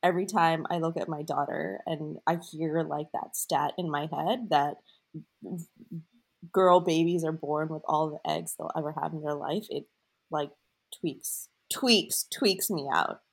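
A woman's voice: sits low, fairly even intonation, a little slow, vocal fry, a little mellow, slightly rough. A woman co-hosting a podcast, talking casually and emotionally, gushing with gratitude. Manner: gushing, emotional, a bit teary. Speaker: podcast co-host.

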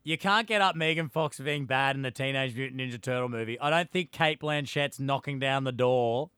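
Smooth, bright man cracking wry jokes. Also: mid-range voice, fairly quick, no room sound, clean studio sound. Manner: laughs easily, wry one-liners. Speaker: podcast co-host. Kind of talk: comedic casual chat.

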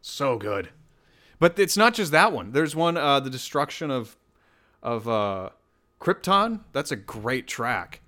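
A man's voice: medium pitch, big pitch swings, takes it slowly, sharp tone. A man hosting a podcast alone, talking casually in a rambling, self-deprecating way. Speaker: podcast host. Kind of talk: casual solo podcast chat.

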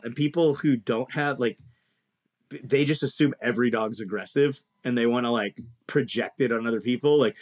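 Profane storytelling man, mid pitch. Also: normal speed. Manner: animated, profane, acts out quoted people. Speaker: podcast co-host telling a story. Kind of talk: casual storytelling chat.

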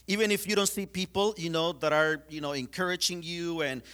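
A man's voice: on the high side, fairly quick, fairly bright tone. A man giving a sermon in a conversational way, with many fillers, retelling scenes. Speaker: preacher.

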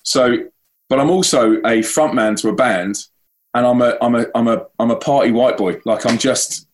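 A man's voice: medium pitch, normal speed, slight background noise. A man with a London accent, an evangelist and band frontman, chatting casually and upbeat in an interview, with lots of restarts.

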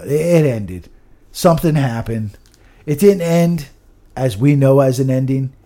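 A man's voice: mid-range voice, mellow. A man in a casual podcast chat, ranting with heavy swearing and stumbling restarts.

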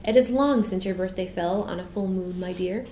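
A woman doing the Hamadryad, a soft hissing cobra king. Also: mid-range voice, close to an everyday voice. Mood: gracious. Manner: slow, gracious and courtly. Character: ancient wise male king cobra, soft and regal. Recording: roomy echo.

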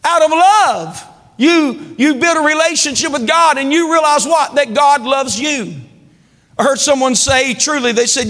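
A man preaching a sermon as pastor, calling for amens and building to shouts. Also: extremely high pitch, unhurried. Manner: preaching with call-and-response, rising to shouts. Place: large church hall. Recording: long church hall reverb.

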